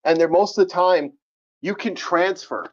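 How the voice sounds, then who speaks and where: A high-voiced man hosts a podcast at a moderate pace, rambling, swearing, and laughing often in casual chat. The audio is lo-fi and muffled.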